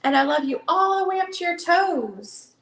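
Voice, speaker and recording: A woman's voice: extremely high pitch, lively intonation, normal speed, vocal fry, a bit bright, roomy sound, pitched above the performer's own voice, full character voice. A woman voicing an eager, loving little male hare while reading a storybook aloud.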